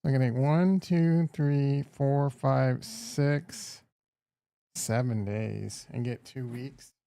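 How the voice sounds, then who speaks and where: A man's voice: medium pitch, slow, creaky, mellow, smooth, dry recording. A man hosting a casual livestream, rambling and crude as he jokes with his chat. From Upper Midwest. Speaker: livestream host.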